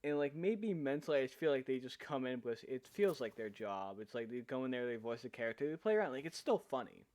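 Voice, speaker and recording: A man who hosts a casual stream and runs tabletop games. He speaks at a middle pitch and drifts through his points, pausing and adding fillers as he goes. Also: animated, a little mellow. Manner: meandering, hesitant, heavy on fillers. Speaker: podcast host and game master. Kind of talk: casual chat.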